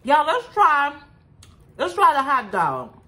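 In a laid-back eating vlog, a woman with a son talks about what she's eating, addressing her audience as "y'all" in a chatty way. She speaks slowly in a high, slightly bright voice with huge swings in pitch.

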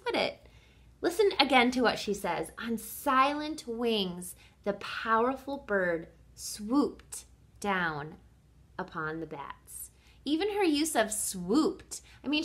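A woman's voice: fairly high pitch, fairly bright tone. A woman reading teacher reading a picture book aloud and talking children through its words with cheerful questions.

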